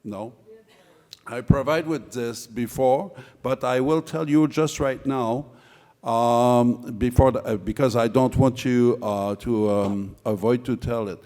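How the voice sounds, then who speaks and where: A man with a French Canadian accent, whose first language is French, giving a halting, joking conference talk full of fillers in a large room. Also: medium pitch, darkish tone. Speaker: conference speaker, board chair. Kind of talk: conference presentation. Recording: long reverb of a hall.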